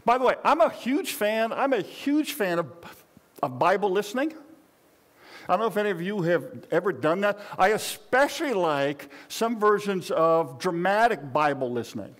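A man's voice: sits high, big pitch swings, moderate pace. An older man preaching a sermon to his congregation, conversational and rambling, with frequent restarts and asides. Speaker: pastor.

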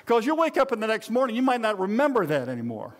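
A pastor in his sixties with a notably high voice preaches in a loose, conversational way. He jokes with the congregation and speaks straight to them in a folksy tone. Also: huge pitch swings, quick pace. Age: 60s. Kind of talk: conversational sermon.

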